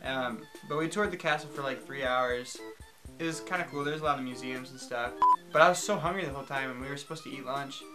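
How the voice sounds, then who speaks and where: A young man recaps his tour day in a chatty voice, laughing between his sentences. He speaks at a middle pitch, and music plays clearly under him. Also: fast, poor audio. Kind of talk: casual vlog recap.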